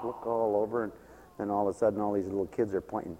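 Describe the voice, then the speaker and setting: A male pastor preaching a radio sermon, impassioned and swinging from hushed tones to loud peaks, chuckling between points. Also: lowish voice, fairly even intonation, fast talker, in a large hall.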